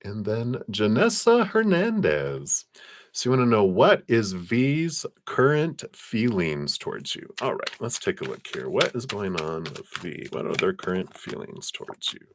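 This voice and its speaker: Low-voiced man giving a rambling tarot reading. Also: big pitch swings, a little slow, no room sound, clean studio sound. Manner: spiritual, rambling, many fillers; acts out quoted voices with big pitch jumps. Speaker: tarot card reader. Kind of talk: live-stream card reading.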